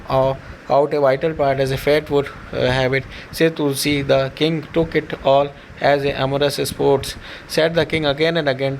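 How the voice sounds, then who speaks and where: A man reading a scripture translation aloud in a halting way, with restarts and fillers. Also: mid-range voice, a little hiss or hum, poor audio. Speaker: scripture reciter and teacher.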